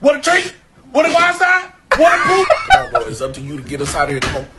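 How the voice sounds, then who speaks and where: A man's voice: very high voice, fast, very noisy, full character voice. A man voicing a brash, slangy pet dog. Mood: frustrated. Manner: swaggering, slangy, animated.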